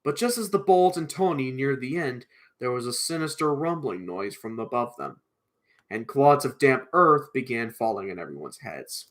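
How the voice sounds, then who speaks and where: A man reading a children's book aloud on a live stream, halting and restarting, clearing a strained throat often. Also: mid-range voice, expressive, fairly bright tone.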